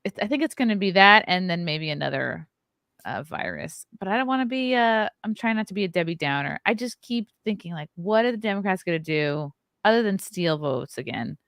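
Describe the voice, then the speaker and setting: A woman's voice: lowish voice, expressive, brisk, fairly bright tone, no echo, clean studio sound. A woman guest on a podcast, chatting casually and joking. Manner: chatty, laughs easily, speculative. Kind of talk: casual comedic chat.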